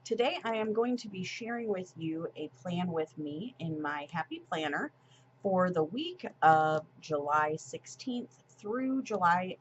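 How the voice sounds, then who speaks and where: A woman's voice: fairly low pitch, muffled recording, a little hiss or hum. A woman chatting casually through a plan-with-me for her planner, with lots of ums and small laughs. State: a little choked up with emotion. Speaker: planner vlogger.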